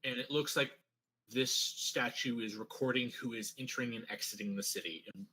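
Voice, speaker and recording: A man running a tabletop game, describing scenes in a relaxed way with many fillers. His voice is bright but husky, at an ordinary pitch. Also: normal speed, low-quality recording. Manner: relaxed, filler-heavy narration. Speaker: game master.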